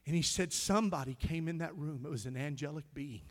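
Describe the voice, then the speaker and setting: A male pastor preaching a sermon, telling stories and swinging from hushed tones to loud, shouting climaxes. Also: on the high side, quick pace. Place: church sanctuary.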